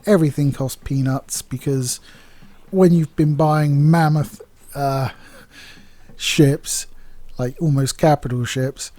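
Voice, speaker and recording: Man, casual game review, chatty, rambling, mellow tone. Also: fairly high pitch, steady tone, slow, pauses often, dry recording. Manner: candid, chatty, rambling with fillers.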